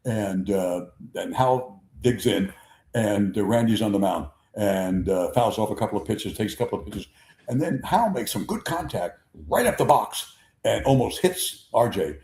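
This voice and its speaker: A man in his seventies hosting a sports talk show, telling rambling stories with lots of repeats and lively impressions. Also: lowish voice, slight background noise. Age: 70s. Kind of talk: conversational storytelling. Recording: echoey room.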